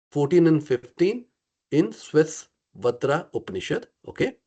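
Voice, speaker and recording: A man's voice: fairly high pitch, warm tone. A man teaching an interactive scripture study class, questioning his group and often checking in with "okay" and "right".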